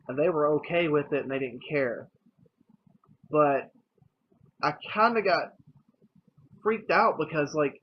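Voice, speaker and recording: A young man telling a personal story to camera, candid and hesitant, pausing and restarting often. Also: fairly high pitch. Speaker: vlogger. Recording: dull lo-fi with faint noise.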